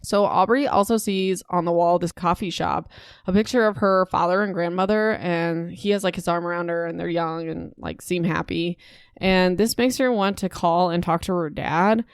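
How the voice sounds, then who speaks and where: A young woman hosting a podcast, recapping a book in a casual, animated, indignant way, with many "like"s. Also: lowish voice, normal speed, smooth, no room sound, studio quality. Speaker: podcast host.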